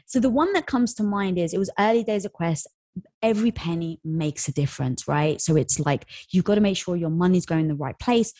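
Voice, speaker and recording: Guest, woman, 40s, husky, dry studio sound, animated storyteller. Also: lowish voice, a little fast, no room sound. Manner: animated storyteller, acts out quotes. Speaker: podcast guest, entrepreneur. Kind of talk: casual interview storytelling.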